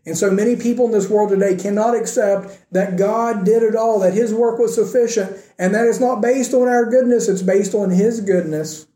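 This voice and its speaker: A man preaching a sermon, asking rhetorical questions and moving between emphatic lines and hushed ones. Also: high voice, moderate pace, few pauses. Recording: echoey room.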